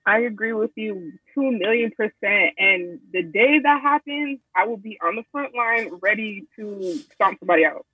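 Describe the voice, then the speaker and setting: A man with a high, somewhat husky voice joins the discussion, emphatic and slangy. He comes through a tinny phone line, a little far from the mic. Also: animated, moderate pace, no echo. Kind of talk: casual discussion.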